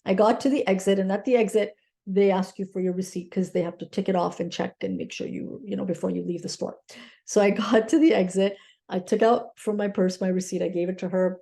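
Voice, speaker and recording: A woman's voice: medium pitch, fairly even intonation, brisk, vocal fry, mellow. A woman mindset coach telling a personal story in an earnest, grateful way, often checking in with her listeners with "okay?".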